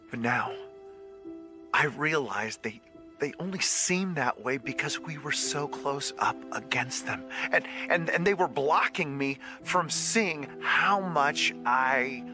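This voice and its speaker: A hushed, halting husband, tenderly confessing his love in a TV drama scene. He talks very slowly and quietly. A music bed sits clearly under his lines. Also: mid-range voice, expressive. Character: grown man softly telling his wife he loves her. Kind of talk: TV drama dialogue.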